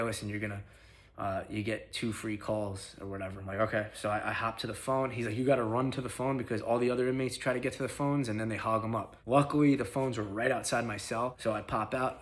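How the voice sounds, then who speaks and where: A young man with a somewhat low voice tells a personal story in a relaxed, streetwise way. He curses often and peppers his speech with slang. He acts out what others said in quick snatches. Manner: profane, slangy, quick retelling with acted-out quotes. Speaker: vlogger. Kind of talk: casual storytelling.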